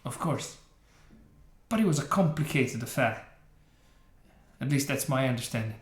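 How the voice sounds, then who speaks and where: Male reaction host, slightly high voice, mocking and opinionated, roomy sound. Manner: sarcastic, scornful, laughs often. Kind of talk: opinionated game reaction commentary. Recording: roomy echo.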